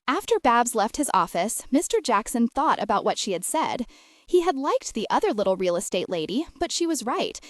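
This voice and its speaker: A woman reads a novel aloud as an audiobook narrator, telling it with expressive flair. Her voice sits a little high and swings widely in pitch. The recording is dry and close, with no room sound. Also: moderate pace, no room sound. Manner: expressive, lively storytelling. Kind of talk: scripted narration.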